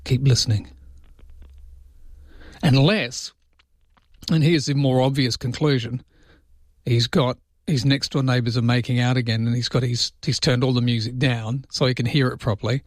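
A clean, echo-free studio recording catches an Australian overnight radio host at a studio microphone. He speaks at a medium pitch, chatting and rambling on late-night talkback with bursts of mock indignation.

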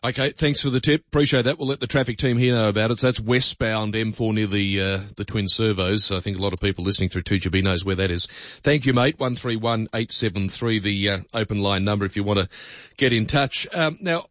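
A man's voice: lowish voice, a little fast, a bit bright, no echo. An Australian man hosting a talkback radio show, chatting in a conversational, opinionated way with many fillers. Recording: dull lo-fi radio broadcast.

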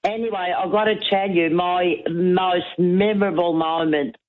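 A woman's voice: fairly low pitch, fairly even intonation, a little slow. A woman calling a radio talk show, telling her story in a chatty, rambling way full of fillers and restarts. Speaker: radio caller. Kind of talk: casual phone-in storytelling. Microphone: telephone. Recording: tinny phone line.

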